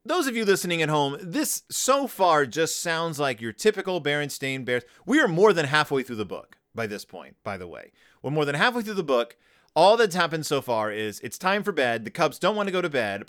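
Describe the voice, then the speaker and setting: A tired man hosts a casual podcast, talking through a picture book in a rambling, wry way and interrupting himself often. His voice sits a bit high and swings widely in pitch. He drops into quick put-on voices when he paraphrases characters. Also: fairly bright tone. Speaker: podcast host. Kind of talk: casual book review chat.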